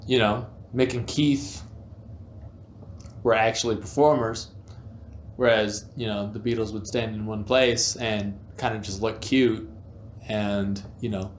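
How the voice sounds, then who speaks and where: A man co-hosting a casual debate chat, laid-back and quick to laugh. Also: fairly low pitch, fairly even intonation, slight background noise. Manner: laid-back, laughs easily, "you know" fillers. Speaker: co-host. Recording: roomy echo with faint music.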